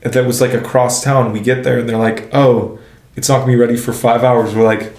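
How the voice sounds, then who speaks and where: A young man talks in a loose, slangy way, cursing freely and packing his sentences with "like". His voice sits in a middle register with a flat melody and a gravelly edge. The room around him has a noticeable echo. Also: medium pitch, brisk. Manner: slangy, swears often, fills speech with "like". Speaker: guest. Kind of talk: casual storytelling. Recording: echoey room.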